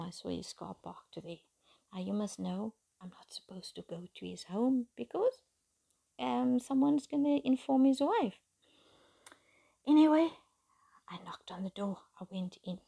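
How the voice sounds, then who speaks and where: Whispery, gravelly middle-aged woman storyteller. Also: mid-range voice, mellow. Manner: half-whispered, confiding delivery. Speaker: storyteller recounting her marriage. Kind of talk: personal storytime monologue. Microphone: phone.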